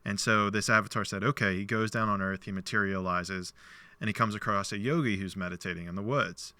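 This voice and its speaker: Crisp, bright-voiced man hosting a podcast. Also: on the low side, a little fast, no room sound. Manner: animated storyteller, acts out quoted dialogue; loose speech with many "like" fillers. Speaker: podcast host. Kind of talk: casual conversation, retelling a parable.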